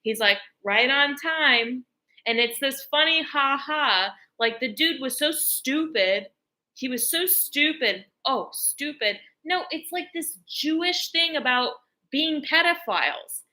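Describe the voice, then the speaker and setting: Bright-voiced woman ranting in a rambling monologue. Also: high voice, expressive, unhurried, low-quality recording. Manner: rambling and emphatic, many "like" fillers. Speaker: vlogger. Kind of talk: casual monologue rant. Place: lives in Texas, speaking to camera.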